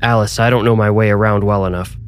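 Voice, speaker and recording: A man voicing a brave priest who speaks steadily and urgently in a dark basement. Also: fast talker, faint music behind, close to an everyday voice. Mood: steady. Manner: steady, low, urgent under threat. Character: calm, brave middle-aged male priest.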